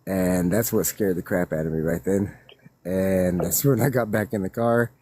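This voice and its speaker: Guy telling a spooky encounter story, low dark voice, dry close sound, keeps laughing and rambling. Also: normal speed, no echo. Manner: excited, rambling, laughing as he recounts. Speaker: witness guest. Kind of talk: casual storytelling.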